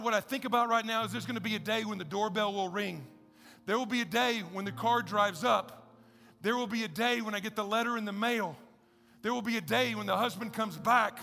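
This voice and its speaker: A man's voice: high voice, brisk, creaky, bright, forceful tone, soft background music. A man preaching a sermon as a pastor, emphatic and conversational, often telling listeners to listen. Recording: reverberant hall sound.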